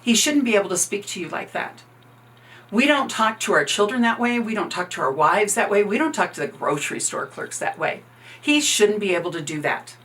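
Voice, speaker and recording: A woman's voice: mid-range voice, lively intonation, brisk, fairly bright tone, distant mic, close to an everyday voice. A woman voicing a small new male worker who politely but firmly stands up to a bully. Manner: firm, polite.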